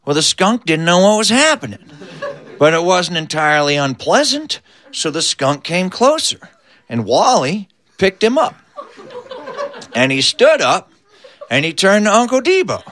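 A man telling a funny story with a high, lively voice that swoops up and down as he builds each joke. His tone is bright and animated, leaning into the punchlines. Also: unhurried. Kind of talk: told comic story.

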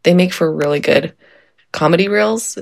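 A woman's voice: on the low side, normal speed, gravelly, darkish tone, no echo, clean studio sound. A woman speaking upbeat in casual conversation, laughing along. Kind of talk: casual chat.

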